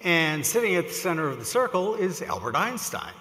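A male keynote speaker at a podium, telling stories in an animated, widely swinging voice with a bright edge. He fills pauses with "uh" as he goes. The sound bounces around a large hall with a long reverb. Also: fairly high pitch. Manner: animated, with frequent uh fillers. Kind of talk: storytelling conference talk.

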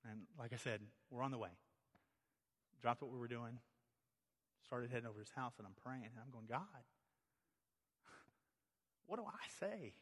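A man's voice: mid-range voice, fairly even intonation, fairly quick, pauses often, fairly bright tone. A middle-aged man preaching a sermon as pastor, talking conversationally and telling stories, then rising to emphatic peaks. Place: church sanctuary. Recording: long hall reverb.

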